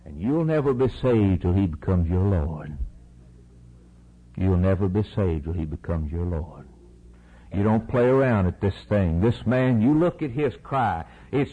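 A man preaching an impassioned sermon, swinging between shouted peaks and hushed, intimate lows. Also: lively intonation, takes it slowly, husky, low-quality recording.

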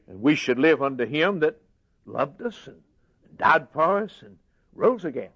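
A man preaching a sermon in earnest, plain folksy words, dropping to a hush and then rising for emphasis. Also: a little high, very animated, a little slow, husky. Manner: earnest, swings from soft and hushed to raised emphasis. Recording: dull lo-fi sermon recording.

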